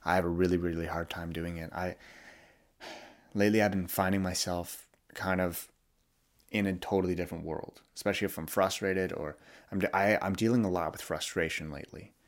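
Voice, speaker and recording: A man's voice: deep voice, steady tone, brisk. A young man hosting a solo podcast, talking candidly and reflectively about his feelings, with frequent restarts. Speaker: podcast host.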